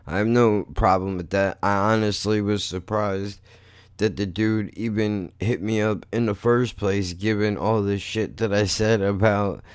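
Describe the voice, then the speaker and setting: A man's voice: on the low side, steady tone, a little slow, clean tone, dry recording, studio quality. A man hosting his own podcast in a blunt, profane, rambling monologue. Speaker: podcast host. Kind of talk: casual monologue.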